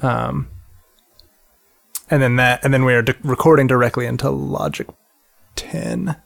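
A man's voice: medium pitch, measured pace, creaky. A man co-hosting a casual podcast, chiming in with gear details and silly jokes. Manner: jokey, chimes in with tech details. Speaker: podcast co-host.

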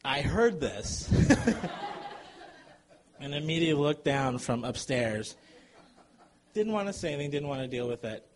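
A man telling a comic true story to a live audience, animated and chuckling as he goes. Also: fairly high pitch, a little slow, long pauses.

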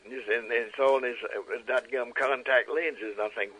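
A man in his nineties telling stories as an interview guest, animated and acting out quotes. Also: medium pitch, normal speed, a little hiss or hum, low-quality recording. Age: 90s. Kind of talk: storytelling interview.

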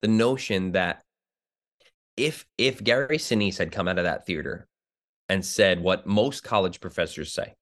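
Lively, low-voiced male Broadway actor. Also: a little slow. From New Jersey. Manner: animated storytelling, acts out quoted voices. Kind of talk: conversational interview.

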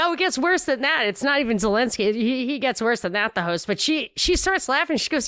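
Animated woman podcast host, dry sound. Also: high-pitched, fairly quick, hardly any pauses, clear, resonant tone, no echo. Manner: animated retelling, quoting others, frequent laughs. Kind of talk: casual commentary chat.

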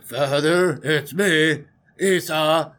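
A man's voice: a little high, drawn-out words, fairly bright tone. A man doing a timid, stammering young son. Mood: nervous. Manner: hesitant, stammering. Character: timid, fussy young man posing as his brother.

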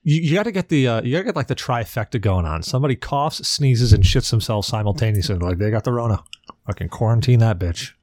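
A man's voice: mid-range voice, lively intonation, fast, a little mellow, no room sound. A man co-hosting a podcast in casual chat, rambling and joking with plenty of swearing. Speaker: podcast co-host.

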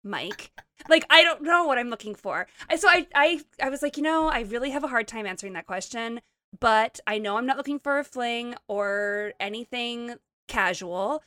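A woman from Montana in casual chat, telling a dating story with animated, playful quoting. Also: fairly high pitch, normal speed, no echo. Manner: animated storytelling, quotes people in playful voices.

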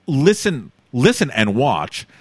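A man's voice: mid-range voice, huge pitch swings, slow pace, breathy edge, dry recording. A man in casual chat as a podcast co-host, talking with enthusiastic emphasis.

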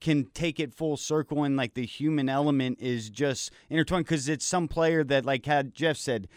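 A man's voice: mid-range voice, normal speed, clear, resonant tone, no echo, clean studio sound. A man in his thirties co-hosting a sports talk show, speaking in long, reflective run-on sentences. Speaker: podcast co-host. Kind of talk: casual chat.

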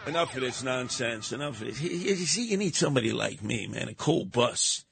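A man's voice: medium pitch, animated, fairly quick, creaky, a bit bright, husky, soft background music. A man hosting a live talk radio show, mocking and combative, slipping into put-on voices.

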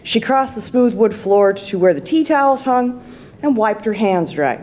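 A woman, an author, reading her short story aloud in a plain, low-key delivery. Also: expressive, moderate pace, darkish tone.

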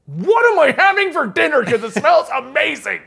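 High, lively-voiced teasing podcast host man. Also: normal speed, creaky. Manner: playful teasing, reads list aloud. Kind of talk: casual comics podcast chat.

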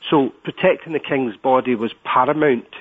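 A man with a Scottish accent, a guest on an interview, explaining at length and pausing often with filler words. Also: medium pitch. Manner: hesitant, many filler words. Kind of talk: interview over the phone. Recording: tinny phone line.

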